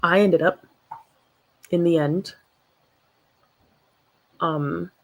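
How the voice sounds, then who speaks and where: Drawing out her words in a fairly low-pitched voice, a young woman hosts a laid-back livestream and reads out comments from chat. She speaks with passion, emphasis and animation.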